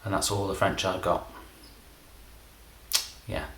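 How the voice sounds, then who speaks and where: Deep-voiced middle-aged english guy doing a rambly deadpan magic bit, roomy sound with a bit of hiss. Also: slow pace, creaky. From England. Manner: deadpan, self-deprecating, meandering. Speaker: comedy magician. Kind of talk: rambling comedic monologue.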